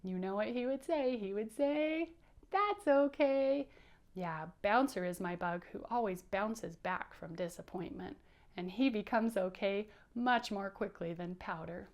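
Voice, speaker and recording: A young adult woman teacher giving an interactive read-aloud for children, bright and encouraging. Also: medium pitch, normal speed.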